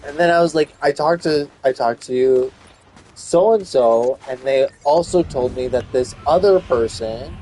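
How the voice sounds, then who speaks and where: A man's voice: medium pitch, unhurried, warm tone, a little hiss or hum, low-quality recording. A man ranting casually to camera, exasperated and profane, with lots of "like" fillers. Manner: many "like" fillers. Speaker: vlogger. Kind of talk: casual rant.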